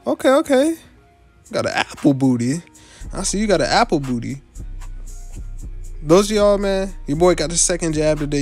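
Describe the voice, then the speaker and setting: Lively slangy young man roasting. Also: a little high. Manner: slangy, joking and blunt, with many filler tags. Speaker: YouTuber rating viewers' avatars. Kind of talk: casual reaction commentary.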